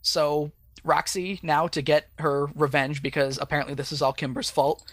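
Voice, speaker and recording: A man's voice: fairly high pitch, little pitch movement, normal speed, fairly bright tone, no room sound, studio quality. Laid-back rambling male podcast co-host. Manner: rambling, laid-back, laughs often, frequent fillers. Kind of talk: casual podcast chat recapping a cartoon.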